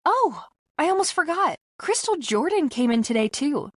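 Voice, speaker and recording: A woman's voice: sits high, sing-song, moderate pace, dry recording, clean studio sound, voice pushed up. A woman voicing a shy, anxious young woman with a lifted, girlish tone, in a storybook reading. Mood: lively.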